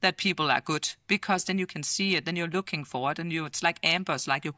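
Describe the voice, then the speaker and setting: A middle-aged woman with a Danish accent, a futurist guest in a casual interview, talking lively, laughing often and acting out quoted voices. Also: low-pitched, fast, slight background noise. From Denmark.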